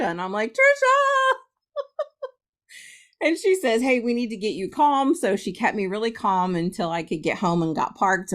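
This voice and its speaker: A middle-aged woman from Ohio, a guest medium, telling a story in a casual interview, laughing often and acting out quotes. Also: fairly low pitch.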